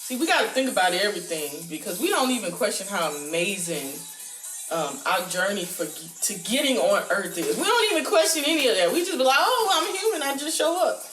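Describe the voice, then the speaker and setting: Animated woman telling a dream story. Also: a little fast. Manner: animated, acts out her panic in a high squeaky voice; casual slang, says "y'all". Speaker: vlogger. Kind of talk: casual spiritual storytelling to camera. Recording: roomy echo with faint music behind.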